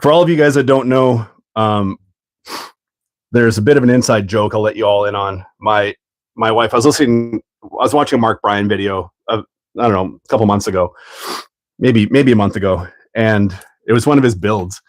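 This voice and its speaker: A man's voice: lowish voice, normal speed, dry recording. Man, livestream host, casual rambling chat, laughs a lot, dry close mic. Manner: chatty and rambling, laughs often, thinks out loud. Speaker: livestream host building an RC kit.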